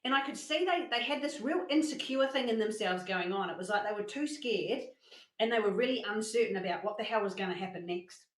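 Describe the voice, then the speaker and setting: Animated woman presenter in an echoey room. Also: mid-range voice, brisk. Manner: animated storytelling with acted-out quotes. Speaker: workshop presenter. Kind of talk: motivational masterclass talk.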